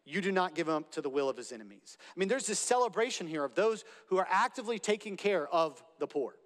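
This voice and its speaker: A man's voice: high voice, big pitch swings, fast. A man preaching a sermon as pastor, earnest, repeating phrases to build emphasis. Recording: long reverb of a large hall.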